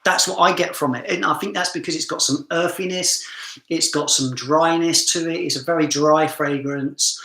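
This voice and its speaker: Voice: medium pitch, moderate pace, sharp tone, echoey room. Chatty southern English fragrance reviewer. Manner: chatty, self-mocking, laughs often. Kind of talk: live-stream fragrance review chat.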